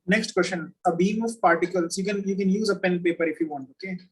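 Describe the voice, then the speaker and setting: A man with a high, slightly husky voice tests a student over a video call. He talks patiently, repeats each question slowly and checks every step. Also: low-quality recording. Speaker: physics teacher. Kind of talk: online oral exam questioning.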